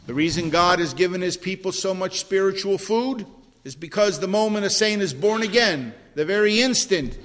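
A man's voice: moderate pace, a bit bright. Preaching man in a reverberant church. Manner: rises in pitch and force when preaching, drops low in prayer. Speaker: pastor. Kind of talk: sermon. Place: church sanctuary.

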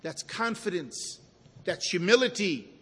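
A high-voiced man delivers a sermon, lingering on key words and dropping his voice low and quiet to stress them. His voice rings with the long reverb of a large hall. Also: sing-song, husky. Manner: slow, emphatic preaching with dramatic drops to a hush. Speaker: preacher.

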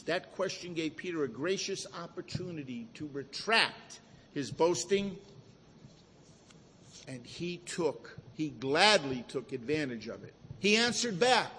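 A man preaching a sermon with slow, emphatic delivery that often sinks to a hush for effect. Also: a little high, lively intonation, in a large hall, a little hiss or hum.

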